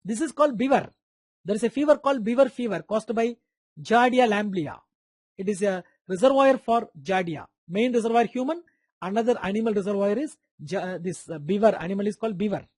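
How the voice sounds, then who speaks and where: A man's voice: high-pitched, a little fast, darkish tone, dry recording. A man with an Indian English accent giving a live online medical lecture, repeating key terms, quizzing students by name and making playful sound effects.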